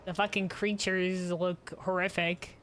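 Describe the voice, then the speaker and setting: A woman's voice: on the low side, level tone, a little slow, a bit bright, faint music behind. A woman streaming a game, talking casually and rambling, self-deprecating and reading chat messages aloud.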